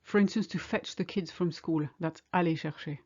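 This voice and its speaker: A woman teaching a French lesson in English, speaking clearly and slowing down to model French phrases. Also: fairly low pitch, a little mellow, dull audio. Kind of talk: language lesson.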